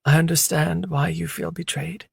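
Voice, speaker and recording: A fragile young woman from an audiobook, hurt and short of strength, pleading her loyalty in a soft, lifted tone, as a man acts her out. Her delivery is earnest and tender, and it sits in a very close, dry recording. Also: a little high, flat delivery, moderate pace, vocal fry, slightly rough, no echo, pitched above the performer's own voice, exaggerated voice. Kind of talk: audiobook character voice.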